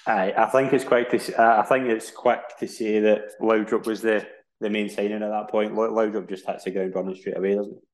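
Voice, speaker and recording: A man's voice: lowish voice, little pitch movement, brisk. A man hosting a casual chat, making short remarks. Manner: brief backchannel, short remarks. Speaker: host. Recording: roomy echo.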